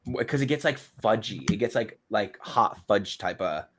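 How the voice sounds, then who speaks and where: A man's voice: fairly low pitch, lively intonation, normal speed, a bit bright, breathy edge. A man chatting casually as a guest on a call, curious, full of questions and hesitant fillers.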